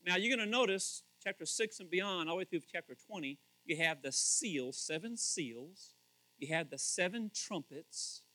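A man preaching a casual, conversational sermon as pastor, animated and questioning his listeners. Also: high voice, normal speed, dry recording, poor audio. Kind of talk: casual sermon, Bible teaching.

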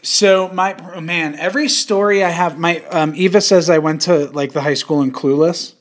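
Young male podcast host with a high voice, crude and jokey, loose casual delivery. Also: fairly even intonation, normal speed. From suburbs of New York City. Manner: crude joking, puts on an old-timey voice.

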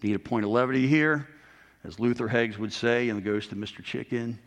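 A man's voice: medium pitch, steady tone, a little fast. A middle-aged man preaching a sermon as a pastor, earnest and rising to emphasis on key points. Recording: long hall reverb.

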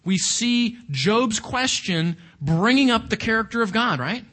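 A man with a high-pitched voice teaches through a Bible book. His delivery is animated and full of questions put to the listeners. He moves between reading passages aloud and explaining them. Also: measured pace, few pauses. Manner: animated, asks the audience questions.

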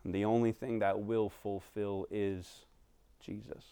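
A pastor, a man in his thirties, preaching a conversational sermon that swings from animated stretches to hushed, quiet passages. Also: fairly low pitch, a little slow, clean tone, no room sound.

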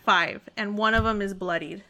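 A woman narrating as dungeon master in an upbeat, quick manner, explaining rules as she goes. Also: mid-range voice, steady tone, pushed and bright. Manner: upbeat, quick, laughs often. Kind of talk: narrating and explaining a tabletop game.

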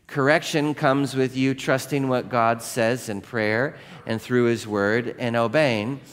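A man's voice: medium pitch, fairly even intonation, takes it slowly, fairly bright tone. A middle-aged male pastor preaching a sermon to his congregation in a conversational way, asking them questions and acting out the voices in his own stories. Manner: conversational, asks the congregation questions, acts out quoted voices in anecdotes.

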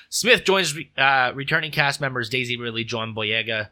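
A man's voice: mid-range voice, fairly even intonation, normal speed, few pauses, bright, forceful tone. Man reading news with jokey asides. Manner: reads news aloud with stumbles and jokey asides. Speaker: podcast co-host reading entertainment news. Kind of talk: casual news read and chat.

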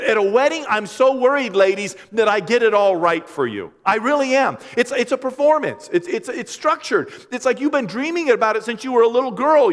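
A middle-aged man preaching a teaching sermon as pastor, animated and joking, acting out quoted voices. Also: sits high, fairly quick, hardly any pauses. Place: church sanctuary. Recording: long hall reverb.

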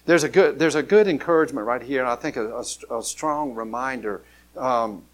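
A man's voice: medium pitch, a little fast. A man preaching a conversational sermon, full of restarts and repeated words. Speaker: pastor.

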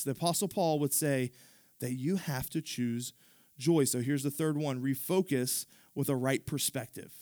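A man's voice: mid-range voice, normal speed, a little mellow, no echo, clean studio sound. A man pastor preaching a sermon in a conversational manner, with asides to the congregation.

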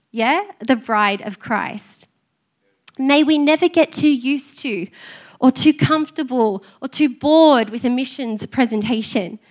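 A middle-aged woman, preaching a sermon in an earnest, conversational way and telling personal stories. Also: a little high. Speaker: pastor.

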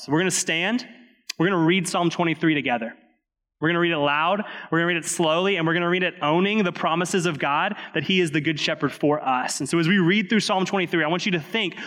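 Earnest pastor in a reverberant church. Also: male voice, on the high side, fast, fairly bright tone. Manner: earnest, repetitive cadences, leads congregation. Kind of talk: sermon with communion and prayer. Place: church sanctuary. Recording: long hall reverb.

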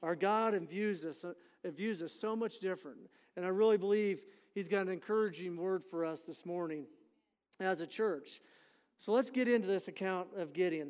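Man, middle-aged pastor, folksy sermon, high smooth voice, reverberant church hall. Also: darkish tone. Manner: conversational and folksy, frequent "you know" and "amen". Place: church sanctuary.

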